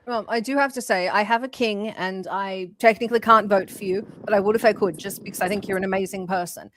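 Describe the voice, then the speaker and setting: Woman co-host, keen and warm-hearted in her chat, faint hiss in the background. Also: mid-range voice, steady tone, quick pace, rough recording. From Commonwealth country. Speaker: podcast co-host. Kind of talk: casual podcast chat.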